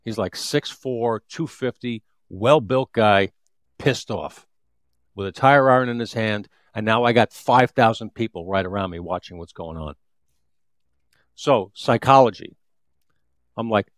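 A retired police detective in his fifties tells a street story during an interview, restarting often in vivid, repetitive bursts. His lowish voice is expressive and moves at a moderate pace. The recording is clean studio sound with no echo.

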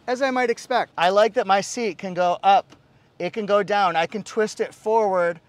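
A man's voice: sits high, dry recording. A man giving an upbeat, jokey walkaround car review, with playful exclamations.

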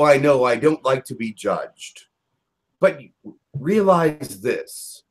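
A man's voice: mid-range voice, low-quality recording. A man voicing a solemn prophet spirit in a channeled message, speaking in an earnest, admonishing way.

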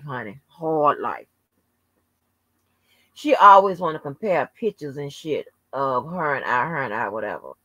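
A woman's voice: deep voice, dry recording, muffled recording. A woman hosting her own channel, ranting heatedly and profanely at someone, stretching out words for emphasis. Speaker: channel host. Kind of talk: casual rant to camera.

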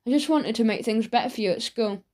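A woman's voice: on the high side, quick pace, dark tone, close to an everyday voice. A woman voicing a rich middle-aged father in a children's audiobook, pleading and placating.

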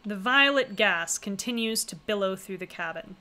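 A woman's voice: medium pitch, lively intonation, moderate pace, pushed and bright. A woman streamer reading a visual novel aloud, with wry, chatty asides in between. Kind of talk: casual reading with commentary.

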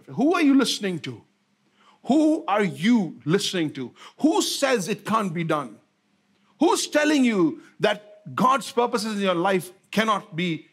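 A pastor with a fairly high voice delivers a sermon, repeating his key lines for emphasis. He fires rhetorical questions at the congregation and alternates between fast and slowed-down phrases to drive his point home.

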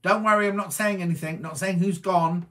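A middle-aged man from Wiltshire in England, chatting as a presenter as he reads out viewer messages and answers each one with quick asides. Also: sits high, fairly even intonation, pushed and bright. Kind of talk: casual chat reading viewer comments.

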